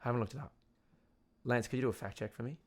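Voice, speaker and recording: A young man from Tasmania with an Australian accent, ranting on a casual solo podcast. He rambles, trips over his words, swears freely and laughs at himself, at a middling pitch. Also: very fast. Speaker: podcast host.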